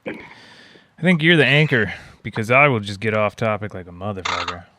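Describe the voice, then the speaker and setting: A man's voice: lowish voice, animated, moderate pace, pushed and bright. A young adult man co-hosting a podcast in casual chat, rambling and joking and swearing freely. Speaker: podcast co-host.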